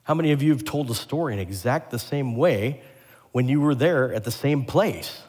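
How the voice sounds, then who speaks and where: A pastor delivering a lively sermon, asking the congregation questions and joking with them. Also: male voice, medium pitch, moderate pace. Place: church sanctuary. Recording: long hall reverb.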